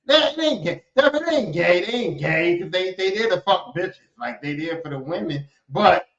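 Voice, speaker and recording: A man hosting a podcast, ranting casually and profanely in an animated way, and slipping into other voices to act out people he quotes. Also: high voice, moderate pace. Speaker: podcast host. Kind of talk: casual comedic rant. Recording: echoey room, dull lo-fi sound.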